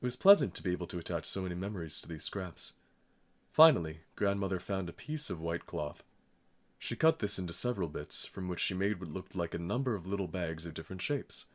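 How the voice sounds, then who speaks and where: A man reading a novel aloud in calm, measured narration. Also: low-pitched. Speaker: audiobook reader. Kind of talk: scripted narration.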